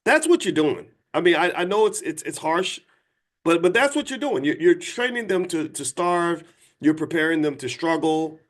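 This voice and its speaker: A man's voice: a little high, animated, normal speed. Blunt, insistent man hosting a live talk. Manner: many restarts, asks viewers to respond. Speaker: host. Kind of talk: livestream talk to an audience.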